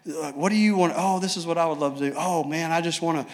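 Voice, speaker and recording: A wistful adventurer muses softly about his dream, put on briefly by a male preacher. His voice is quiet and rather high for a man. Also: steady tone, quick pace, lightly acted.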